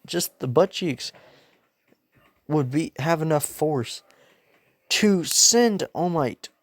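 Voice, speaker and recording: A man's voice: a little high, expressive, slow pace, dry recording. A young man casually telling a fan-made story, rambling and slangy, laughing at his own jokes.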